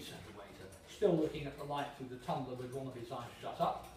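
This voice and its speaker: A man giving a live reading at an evening event in a gallery, animated and stopping for fillers and restarts as he explains. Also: mid-range voice, fast talker, hardly any pauses. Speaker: reader. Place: gallery room. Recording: echoey room, mic at a distance, faint noise.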